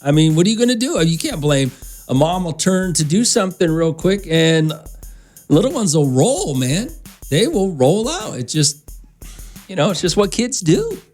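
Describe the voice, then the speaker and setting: A man's voice: high-pitched, big pitch swings, moderate pace, a little mellow, faint music behind. A male radio morning show host talking casually in a studio, telling loose, rambling stories straight to his listeners. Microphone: studio microphone.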